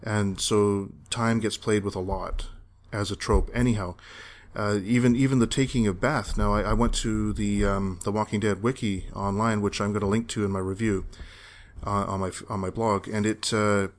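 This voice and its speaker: A man's voice: fairly low pitch, steady tone, moderate pace. A man co-hosting a podcast, chatting casually and rambling as he corrects himself on details. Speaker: podcast co-host reviewing a TV series. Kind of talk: casual chat.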